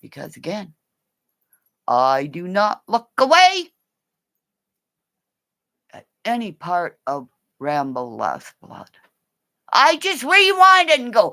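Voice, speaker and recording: A woman from Canada rambling through a livestream monologue, jumping between topics and bursting into shouts and silly rhymes. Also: mid-range voice, huge pitch swings, takes it slowly, pauses often, dry recording. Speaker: vlogger.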